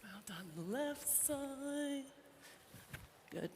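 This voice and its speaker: A woman's voice: high-pitched, animated, extremely slow, a little mellow, slight background noise. Breathless woman trainer in an echoey arena. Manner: chatty, talks to the horse and crowd at once. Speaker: horse trainer. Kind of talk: live clinic demonstration while riding. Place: indoor arena at a horse expo. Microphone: wireless body mic.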